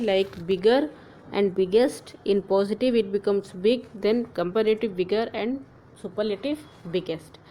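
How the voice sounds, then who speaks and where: A woman teacher giving a grammar lesson, spelling letters out slowly and often checking in with "clear?" and "okay". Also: mid-range voice, mellow, slight background noise, low-quality recording.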